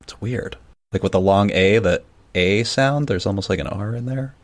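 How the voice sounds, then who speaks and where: A man's voice: on the low side, moderate pace. A man with a Midwestern American accent, co-hosting a podcast in rambling, self-deprecating casual chat. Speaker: podcast co-host.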